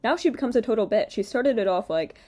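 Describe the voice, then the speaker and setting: A woman's voice: a little high, animated, fast, mellow. A young woman giving casual reaction commentary on a song's lyrics, sarcastic, swearing often and laughing between lines. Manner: mocks quoted lines in a put-on voice. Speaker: commentary YouTuber.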